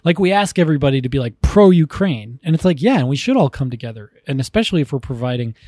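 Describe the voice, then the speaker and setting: A man's voice: medium pitch, lively intonation, fast, warm tone, no echo, clean studio sound. A man co-hosting a podcast, chatting casually, rambling and enthusiastic with frequent restarts. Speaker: podcast co-host. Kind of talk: casual chat.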